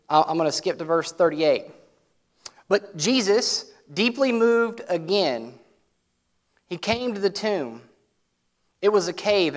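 Preacher with a twang, swinging loud to hushed. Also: male voice. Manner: conversational preaching, swings from loud emphatic to soft and low. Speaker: pastor. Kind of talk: sermon.

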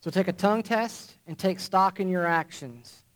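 In front of his church congregation, a pastor delivers a sermon in a fairly high voice. Earnest and measured, he builds his argument one phrase at a time, using repetition and deliberate stress.

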